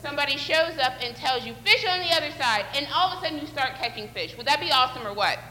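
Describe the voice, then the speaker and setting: As a children's sermon leader, this woman uses a high, bright voice with lively intonation and a quick pace, coaxing kids through a playful Bible lesson with questions and pretend fishing actions. Her voice rings around a large church sanctuary with long reverb, and there's slight background noise.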